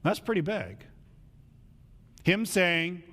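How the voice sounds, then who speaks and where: A man's voice: sits high, lively intonation, moderate pace, fairly bright tone, big-room sound. A male pastor preaching a casual, conversational sermon in a church, acting out the voices of people he quotes.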